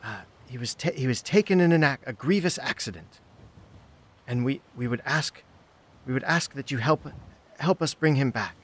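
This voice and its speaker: A man's voice: medium pitch, animated, moderate pace, pitched above the performer's own voice, natural voice. A man voicing a teenage girl earnestly pleading with spirits at a pond in a tabletop game.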